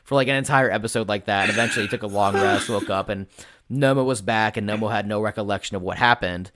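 A man with a fairly low voice, chatting casually as a podcast guest about the games he runs. He tells rambling stories packed with fillers and the odd swear word. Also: quick pace, a bit bright. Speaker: game master and podcast guest. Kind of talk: casual interview chat.

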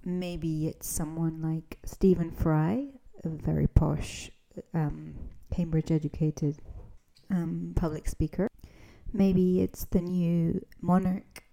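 Low dark-voiced Scottish woman teaching. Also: flat delivery, takes it slowly, gravelly, poor audio. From Scotland. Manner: explanatory, conversational, with frequent ums. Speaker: English teacher, podcast host. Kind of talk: podcast lesson.

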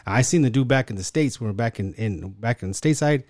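A man's voice: medium pitch, lively intonation, fairly quick, a little mellow. A middle-aged man, a podcast guest, telling rambling stories in easygoing casual chat. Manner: laid-back, rambling storyteller.

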